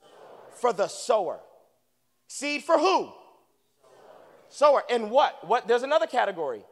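High-voiced preacher in a reverberant church. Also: male voice, moderate pace. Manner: animated call-and-response preaching. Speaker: guest preacher. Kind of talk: sermon. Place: church sanctuary. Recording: long reverb of a church hall.

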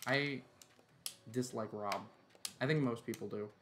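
A man's voice: medium pitch, measured pace, a bit bright, soft background music. A tired man giving laid-back, joking live-stream commentary while he plays a game, swearing and chuckling often.

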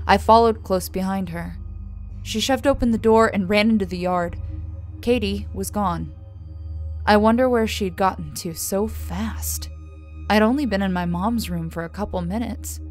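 A woman narrating a first-person horror story in a measured, scripted delivery, letting her voice fall softly on the tags. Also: mid-range voice. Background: soft music.

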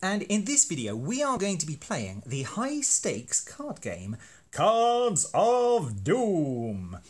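A man's voice: high-pitched, huge pitch swings, measured pace, slightly rough. A man explaining a teaching card game in a playful, self-deprecating, hammy way. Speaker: university lecturer making teaching videos. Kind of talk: educational explainer.

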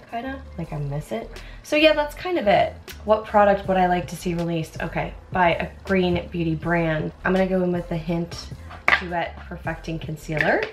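A young American woman chatting in a rambling way while doing her makeup, often interrupting herself with asides. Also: fairly low pitch. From United States. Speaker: beauty vlogger.

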